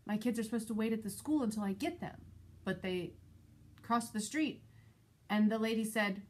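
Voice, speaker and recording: A woman vlogger and mother telling a personal story in a casual, animated, exasperated way. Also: moderate pace, long pauses. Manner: animated, exasperated retelling with shifting pitch. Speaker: parent of school-age kids.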